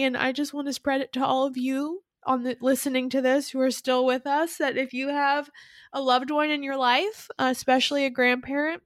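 A woman's voice: high voice, flat delivery, brisk, no room sound, studio quality. A woman co-hosting a podcast, telling a personal story in a casual, earnest, conversational way. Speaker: podcast co-host. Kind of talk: casual heartfelt podcast talk.

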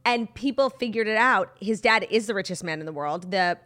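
A woman's voice: mid-range voice, fairly quick. A young woman co-hosting a casual chat podcast, telling stories animatedly and acting out quotes with laughter. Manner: animated storytelling, acts out quotes loudly, laughs often. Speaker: podcast co-host.

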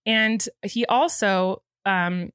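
A woman's voice: medium pitch, drawn-out words, a bit bright, smooth, dry recording, clean studio sound. A woman in her thirties hosting a podcast, teary and rambling earnestly in casual chat. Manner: rambling, earnest, with frequent restarts. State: teary, emotional. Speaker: podcast host. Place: indoor podcast studio.

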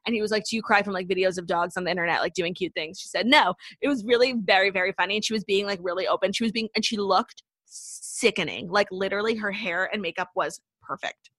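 A woman's voice: mid-range voice, a bit bright, no room sound, clean studio sound. A young woman co-hosting a podcast, chatting casually and gushing with a profane edge. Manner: gushing, profane, fast recaps of reality TV. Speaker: podcast co-host. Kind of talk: casual chat.

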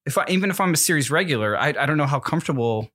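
A man's voice: a little high, lively intonation, very fast, fairly bright tone, no echo, clean studio sound. A young adult man, an actor co-hosting a podcast, talks in a rambling, self-interrupting way with teary eyes, laughing through the tears. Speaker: podcast co-host. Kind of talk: casual chat.

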